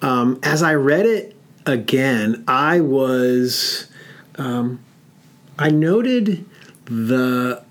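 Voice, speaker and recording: A man co-hosting a relaxed podcast chat. His pitch sits in a middle range. He speaks haltingly, pausing on fillers and restarting his sentences. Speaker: podcast co-host. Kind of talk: casual podcast discussion.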